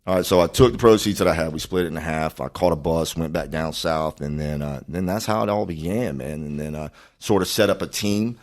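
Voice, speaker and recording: A man from Florida with an extremely deep voice. He is a podcast guest telling a long story in casual chat. His talk is laid-back, rambling and full of cursing. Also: fairly quick, hardly any pauses.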